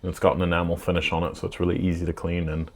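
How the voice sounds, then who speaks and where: A man co-hosting a podcast, telling stories and explaining his cooking in a chatty, animated way. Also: low voice, very fast, slight background noise. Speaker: podcast co-host. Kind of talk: casual chat.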